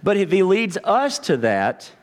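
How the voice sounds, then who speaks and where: Earnest pastor, slightly high voice. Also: male voice, wildly swooping pitch, unhurried. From Texas, United States. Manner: earnest, conversational preaching with frequent stammered restarts. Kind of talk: sermon.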